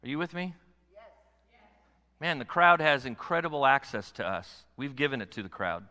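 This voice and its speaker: Animated preacher with a bright voice in a reverberant hall. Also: male voice, mid-range voice, moderate pace. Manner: animated, swings between hushed and forceful. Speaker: pastor. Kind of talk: sermon. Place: church sanctuary.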